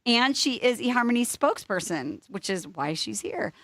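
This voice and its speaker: A woman's voice: on the high side, sing-song, moderate pace, a bit bright, no echo. Bubbly woman podcast host, dry sound. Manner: bubbly, laughs often, salty language. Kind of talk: casual podcast interview.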